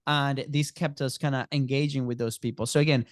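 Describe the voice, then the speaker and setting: A man's voice: medium pitch, steady tone, a little fast, no room sound, clean studio sound. A man in his thirties, a podcast guest, talking casually and acting out little scenes in quoted voices, often checking in with "right?". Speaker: podcast guest, agency co-founder. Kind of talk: casual storytelling interview.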